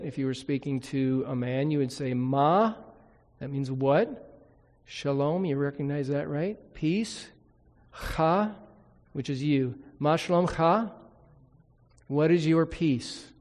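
A man's voice: mid-range voice, darkish tone, in a large hall. A man preaching a sermon to his congregation, reading scripture aloud and explaining Hebrew words as he goes. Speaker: pastor.

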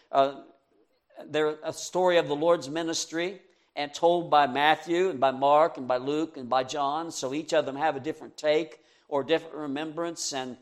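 A man preaching a sermon in an earnest, conversational way, raising his voice on quoted scripture and chuckling at his own asides. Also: a little high.

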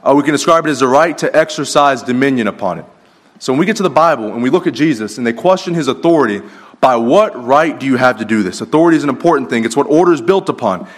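A man's voice: mid-range voice, lively intonation, racing. A man preaching a sermon in a conversational way, telling stories and restarting his sentences. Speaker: pastor.

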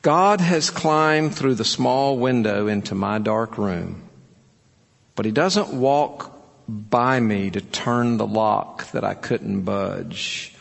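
A man's voice: on the low side, slow, vocal fry, big-room sound. A man preaching a sermon in an earnest, urging way, telling stories to make his point. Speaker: pastor.

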